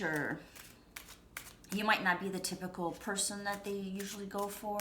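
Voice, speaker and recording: A woman's voice: medium pitch, reverberant, noisy background. A woman giving a casual tarot reading from home, chatty and reassuring, rambling with lots of fillers and restarts. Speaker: tarot reader.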